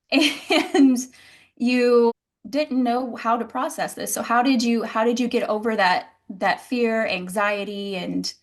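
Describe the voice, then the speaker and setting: Woman interviewer, slightly high voice, asks stuff slow and gentle. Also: steady tone. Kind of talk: interview question.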